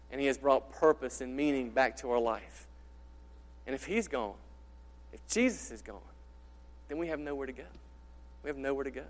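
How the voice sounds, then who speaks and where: A man pastor preaching an impassioned sermon, repeating rhetorical questions and swinging from loud to quiet. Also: mid-range voice. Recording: reverberant hall.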